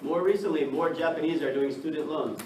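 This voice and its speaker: A man from the United States teaching an English class, lively and checking in with the students by asking "right?" again and again. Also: on the high side, fairly quick. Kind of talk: classroom lecture. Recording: echoey classroom from far off, noisy.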